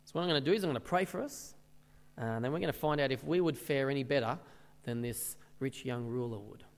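A man's voice: mid-range voice, fast, big-room sound. A man preaching a sermon in a church service. He talks conversationally and asks the congregation rhetorical questions. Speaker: pastor.

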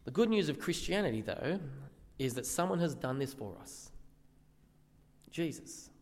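A man's voice: fairly high pitch, sing-song, a little slow, darkish tone, long reverb tail. A man preaching a sermon in earnest, often asking the listeners questions.

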